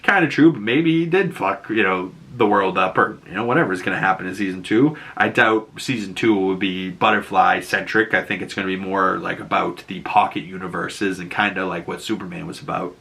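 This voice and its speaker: A man's voice: sits low, fairly quick, creaky, few pauses, pushed and bright. A man casually recapping a show episode, rambling and loose, with lots of likes and swearing.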